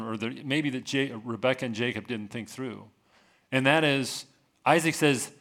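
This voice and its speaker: A man's voice: medium pitch, fairly bright tone. Conversational man preaching a sermon. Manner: conversational, explains with rhetorical questions. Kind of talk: sermon teaching.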